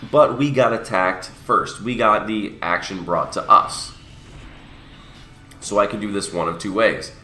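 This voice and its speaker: A young gaming channel host, sick and sniffly with a cold, speaks in an unhurried, lowish voice with a sharp tone. The sound is roomy with soft background music. He casually guides viewers through a mobile game, explaining as he goes and fixing his own slips.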